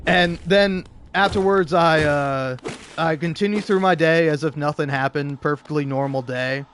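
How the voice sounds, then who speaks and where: Young male gaming host, slightly high voice, stammering storyteller with a casual, profane ramble. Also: normal speed, fairly bright tone, slight background noise. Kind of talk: storytelling while playing a game.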